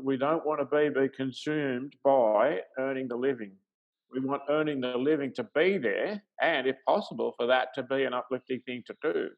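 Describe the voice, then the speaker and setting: A man's voice: medium pitch, vocal fry, muffled recording. Reflective middle-aged male talk host. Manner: reflective, thinking aloud, chuckles easily. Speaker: life coach and show host. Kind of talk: conversational talk-show monologue.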